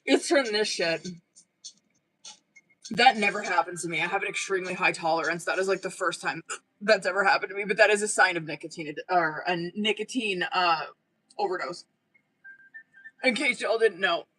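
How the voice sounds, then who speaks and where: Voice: mid-range voice, moderate pace, pauses often, bright, forceful tone, poor audio. A tarot reader hosting a livestream in casual, slangy chat, swearing freely and often breaking off to say "hold on.".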